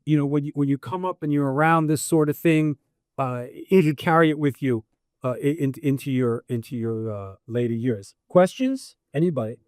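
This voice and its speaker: A man moderates a panel Q&A at a book event, his voice sitting a little high. He talks bluntly and loosely, and he swears often. The sound is dry and close. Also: normal speed, a little mellow, dry recording. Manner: blunt, casual, swears freely. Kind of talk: live panel Q&A. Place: book event in a record store.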